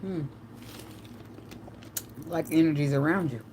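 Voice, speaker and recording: Female tarot reader, AAVE, low pitch, chatty tangents, faint room noise. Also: a little slow, mellow. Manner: chatty, tangential, slangy, swears and laughs. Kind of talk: casual channeled tarot reading.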